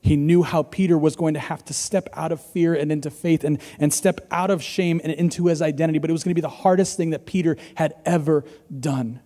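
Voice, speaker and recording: Pastor preaching in a long hall echo. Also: male voice, fairly high pitch, steady tone, fairly quick, hardly any pauses. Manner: dynamic, swings from loud to hushed. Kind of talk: sermon. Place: church hall. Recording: church hall with long reverb.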